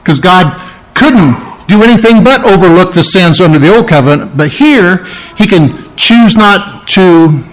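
A man preaching a sermon, emphatic and repetitive, pausing to explain Greek words. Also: high-pitched, expressive, low-quality recording. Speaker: pastor.

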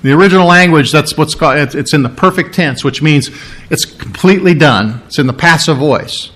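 A man's voice: on the high side, brisk, fairly bright tone. A man preaching an expository sermon, teaching verse by verse in an emphatic way and repeating key words for weight.

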